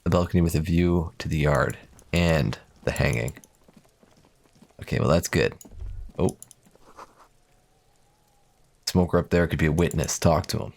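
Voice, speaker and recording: A man's voice: extremely low pitch, fairly even intonation, moderate pace, creaky, a little mellow. A young man livestreaming a game, reading its text aloud with playful, profane asides. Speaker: streamer. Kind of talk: casual gaming commentary.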